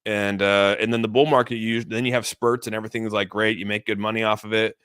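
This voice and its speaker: A man with a lowish, smooth and resonant voice talks through price charts on a live stream. He rambles loosely and restarts his sentences as he chats with viewers. The sound is dry and close. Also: level tone, quick pace, a bit bright, no room sound. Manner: loose and chatty, many restarts, reads donor messages. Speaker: crypto streamer. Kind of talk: casual livestream chart commentary.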